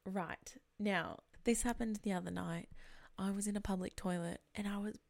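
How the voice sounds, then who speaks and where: A woman's voice: medium pitch, fairly even intonation, moderate pace, gravelly, a little mellow. A young woman hosting a casual solo podcast, chatty and candid, swearing freely and often dropping into whispered asides. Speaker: podcast host.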